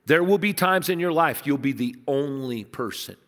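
A man preaching a sermon, telling stories in a conversational way and dropping low and soft to stress points. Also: animated, moderate pace, long reverb tail. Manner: storytelling, conversational, dips low and soft for emphasis. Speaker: pastor.

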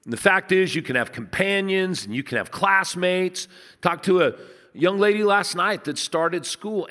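A man preaching a sermon, telling stories in a conversational way and dropping low and soft to stress points. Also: long reverb tail. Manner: storytelling, conversational, dips low and soft for emphasis. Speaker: pastor.

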